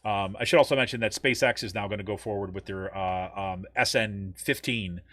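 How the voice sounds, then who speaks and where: A man's voice: fairly low pitch, a little fast, sharp tone, no room sound. Rambling American man on a podcast. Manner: rambling, many ums and restarts. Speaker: podcast co-host. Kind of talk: casual news chat.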